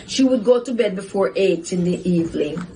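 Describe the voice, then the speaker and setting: A woman hosting a talk show, telling a personal story in a casual, animated way and giving life advice. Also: lowish voice, brisk, slight background noise, rough recording. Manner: animated, laughs often while telling a story. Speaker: host, psychotherapist.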